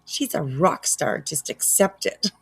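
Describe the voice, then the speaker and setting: A woman's voice: fairly low pitch, expressive, unhurried, gravelly, breathy edge. A woman hosting a casual reaction livestream, chatty and laughing often as she reads out chat. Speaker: livestream host.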